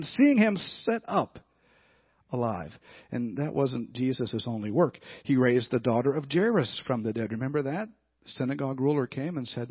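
Husky-voiced man preaching a story sermon. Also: mid-range voice, dry recording, muffled recording. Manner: storytelling, swinging between loud emphatic and quiet hushed delivery. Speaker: pastor.

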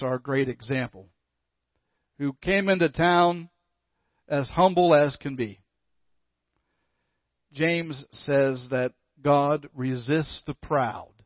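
A male pastor preaching a sermon emphatically, with rhetorical questions and dramatic pauses. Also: medium pitch, no room sound, lo-fi sound.

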